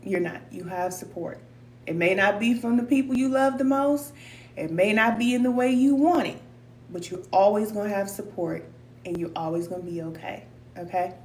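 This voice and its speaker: A woman's voice: medium pitch, moderate pace. Encouraging woman on an echoey live stream. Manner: warm, encouraging, calls viewers cousin, repeats for emphasis; loose colloquial speech. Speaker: spiritual teacher hosting a live stream. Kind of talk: casual live-stream pep talk to viewers. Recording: echoey room, distant mic, faint hum.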